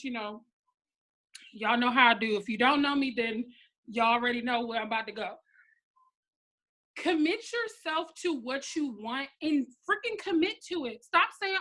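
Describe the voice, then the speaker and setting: A woman in her thirties with a high, bright voice leads a motivational pep talk for her sales team on a live stream. She is blunt and sassy and stays animated the whole time. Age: 30s. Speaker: network marketing team leader.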